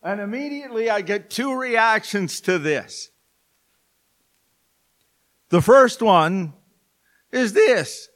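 A man's voice: sits high, expressive, slow, long pauses, fairly bright tone. A male pastor preaching a sermon in church, with joking, folksy asides to the congregation.

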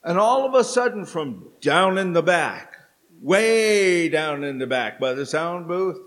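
Slow-speaking pastor preaching a sermon. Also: male voice, a little high, expressive, a bit bright. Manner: slow, storytelling delivery with dramatic pauses. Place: church sanctuary.

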